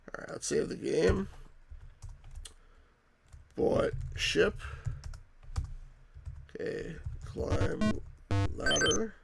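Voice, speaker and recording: A man's voice: fairly high pitch, extremely slow, gravelly, long pauses, husky. A man hosting a let's play, rambling casually as he reads game text and chat aloud.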